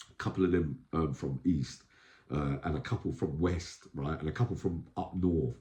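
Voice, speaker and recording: Low-voiced man, lively swinging delivery, slangy storytelling, echoey room. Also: normal speed. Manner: animated, street slang, acts out quoted voices. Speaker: vlogger recounting prison life. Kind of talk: casual storytelling monologue.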